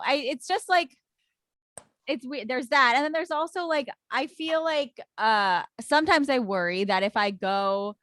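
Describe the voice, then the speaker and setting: A woman's voice: a little high, animated, moderate pace, a bit bright, no room sound. A woman comedian hosting a podcast, thinking aloud in a hesitant way with frequent restarts. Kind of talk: casual chat.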